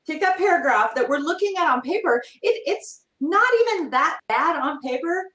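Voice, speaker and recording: A middle-aged woman being interviewed as a guest author, animated and acting out little quotes as she talks. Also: high voice, normal speed, recorded from a distance. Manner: animated, acts out quotes in other voices. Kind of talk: podcast interview. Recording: roomy, from off mic.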